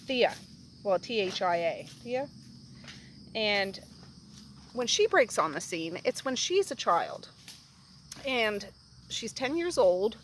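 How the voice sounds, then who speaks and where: Brief: chatty female book host, casual rambling recap, mid pitch. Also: slight background noise, low-quality recording. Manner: rambling, chatty, animated storytelling.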